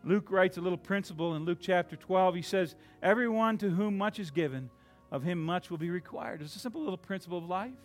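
A man preaching a sermon, swinging from loud, dramatic lines to hushed ones and acting out the quotes he reads. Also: high-pitched, a little fast, soft background music.

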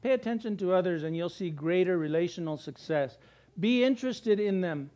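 A middle-aged man preaching a sermon, animated, with jokey asides and acted-out quotes. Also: high-pitched, fairly quick. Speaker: pastor.

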